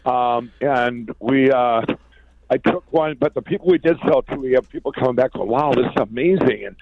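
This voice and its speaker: Rambling excited man on dull lo-fi audio. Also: mid-range voice, moderate pace, no room sound. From Minnesota. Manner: rambling, excited, many restarts and fillers. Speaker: guest, pillow company founder. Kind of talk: conversational storytelling.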